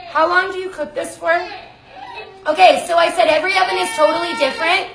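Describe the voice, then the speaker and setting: A woman's voice: extremely high pitch, fairly even intonation, a little fast, vocal fry, noisy background. A woman hosting a live cooking demonstration from her home kitchen, chatty and effusive, often breaking off mid-sentence. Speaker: cooking show host. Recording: echoey kitchen. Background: baby crying.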